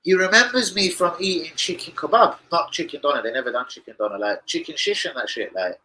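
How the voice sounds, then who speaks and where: A man's voice: on the high side, expressive, fast, sharp tone, a little hiss or hum, rough recording. A young man, hosting a casual live-stream chat, rambling through stories full of slang and swearing. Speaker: football fan channel host.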